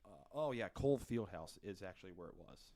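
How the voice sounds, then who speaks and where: A podcast co-host with a low, warm, expressive voice talks a little fast. In a casual chat reviewing a movie, he recaps the plot in a rambling way, with many fillers and restarts.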